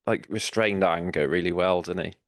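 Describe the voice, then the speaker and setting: A man's voice: low-pitched, fairly even intonation, normal speed, dry recording, clean studio sound. A man co-hosting a podcast, chatting about an old sitcom, laughing a lot and quoting its lines. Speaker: podcast co-host. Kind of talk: casual chat reviewing a sitcom episode.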